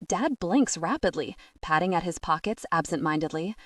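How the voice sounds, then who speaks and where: A woman narrates a first-person audiobook with a lowish voice. Her reading is tense and urgent and climbs at the shouted lines. The sound is dry and close. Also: animated, moderate pace, few pauses, no echo.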